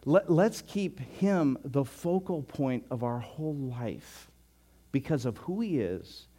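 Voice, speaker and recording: Older guy pastor giving a sermon, tells stories, laughs, repeats words, gets loud in the funny bits. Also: medium pitch, takes it slowly, slightly rough. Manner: storytelling with chuckles, animated and loud in anecdotes.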